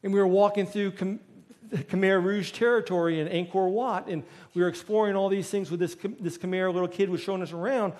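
A middle-aged man, a pastor, preaching a sermon with lively storytelling and acted-out quotes. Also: high-pitched, a little fast, hardly any pauses. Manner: storytelling, acts out quoted voices.

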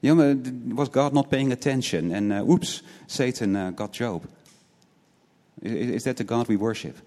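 A man's voice: medium pitch, moderate pace, darkish tone. A man preaching a sermon in an earnest way. He often repeats words as he restarts and tags his points with rhetorical questions. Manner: asks many rhetorical questions, tagging points with "right?". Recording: long hall reverb.

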